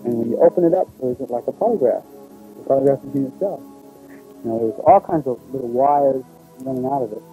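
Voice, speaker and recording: A man telling his own experience in a documentary, recalling it in halting, unpolished speech with restarts. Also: medium pitch, expressive, warm tone, soft background music, rough recording. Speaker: eyewitness recounting his experience. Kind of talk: first-person testimony in a documentary.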